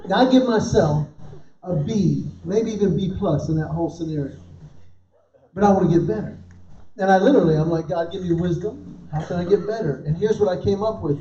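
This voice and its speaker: A man's voice: normal speed, long pauses, slight background noise. A male stand-up comedian telling a story to a dinner crowd, acting out voices as he goes. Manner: animated storytelling, acts out his wife's high shrieks. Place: event hall with audience laughter. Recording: roomy, distant, dull hall recording.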